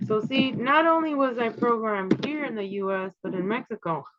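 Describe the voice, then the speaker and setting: A woman's voice: a little high, moderate pace, no echo. Rambling woman in her fifties, dull dry mic. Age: 50s. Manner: rambling, conspiratorial, with filler words. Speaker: channel host. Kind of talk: casual monologue. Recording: slightly dull, dry home recording.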